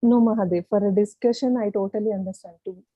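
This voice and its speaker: A woman's voice: mid-range voice, fairly even intonation, fast talker, dry recording, lo-fi sound. Hesitant woman, dry call audio. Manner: hesitant, many fillers like "like". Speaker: participant asking a question. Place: video call.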